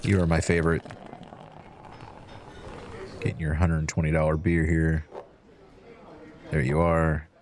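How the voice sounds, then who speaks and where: A man's voice: very deep voice, monotone, measured pace, pauses often, a little mellow. A man hosting a let's-play, chatting to in-game customers as he serves drinks and counts out change. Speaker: gaming channel host. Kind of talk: relaxed let's-play commentary.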